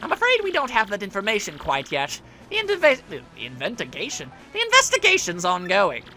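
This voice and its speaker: A man's voice: wildly swooping pitch, a little fast, bright, forceful tone, faint music behind, heavily acted. Kammy Koopa, a man doing a fawning old turtle witch. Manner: fawning, high-pitched, simpering. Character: fussy old female turtle witch servant.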